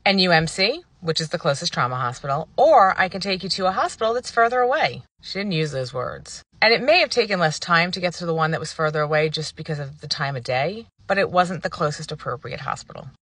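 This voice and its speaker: A woman vlogger telling a personal story to the camera in a casual, animated and indignant way, acting out what people said. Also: on the low side, brisk, few pauses, slightly rough, dry recording. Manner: animated, indignant retelling with acted-out quotes.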